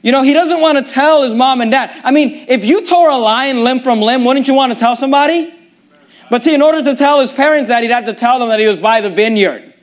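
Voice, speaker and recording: A man's voice: extremely high pitch, fairly quick. A man preaching a sermon, reading scripture aloud and asking his listeners pointed rhetorical questions.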